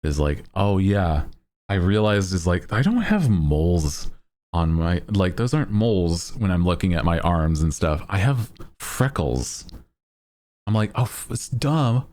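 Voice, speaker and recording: A male streamer chatting casually with his viewers, playful and quick to poke fun at himself. His voice is very deep and slow, yet it moves lively up and down. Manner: playful, self-mocking, laughs often. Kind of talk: casual chat.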